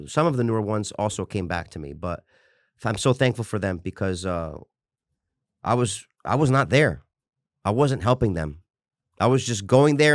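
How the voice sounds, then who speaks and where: A man in his forties who works as a fitness coach speaks as an interview guest, sharing candid personal stories. His voice sits on the low side and sounds studio quality with no room sound. He talks passionately and rambles, restarting sentences and swearing along the way.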